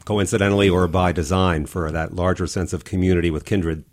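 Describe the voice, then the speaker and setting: A man hosting an interview, asking long, measured questions in an articulate way. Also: low-pitched, steady tone. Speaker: interview host.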